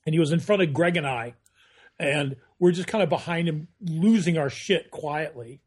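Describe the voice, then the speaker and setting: Husky, animated storytelling man. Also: on the high side, normal speed. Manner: animated storyteller, doing voices in anecdotes. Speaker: guest actor. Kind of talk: casual podcast chat.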